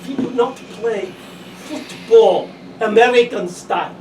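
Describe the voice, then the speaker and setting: A pompous French expert, as a man plays him on stage, who stammers and repeats himself in a thick French accent. The voice sits high and is caught from a distance in an echoey room. There is steady noise behind it. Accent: put-on French. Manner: halting, stammering, emphatic. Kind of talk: improv comedy scene. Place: stage in front of an audience. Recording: echoey stage, far mic, background noise.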